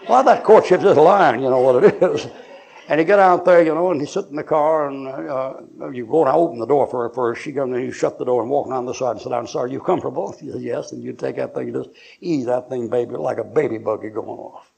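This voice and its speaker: A man's voice: mid-range voice, brisk, creaky, darkish tone, slightly rough. An older man, preaching in church in a folksy, joking way, acting out little scenes. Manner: joking, acts out voices, laughs often. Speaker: pastor. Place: church sanctuary.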